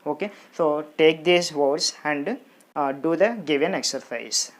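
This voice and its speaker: A teacher gives an exam-prep grammar lesson, repeating each word slowly and counting out its syllables. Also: mid-range voice. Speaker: English teacher.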